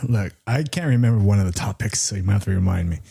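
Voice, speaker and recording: A middle-aged man co-hosting a podcast, telling a story in an animated rant, swearing freely and jumping up high when he retells what others said. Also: fast, gravelly, husky. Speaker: podcast co-host.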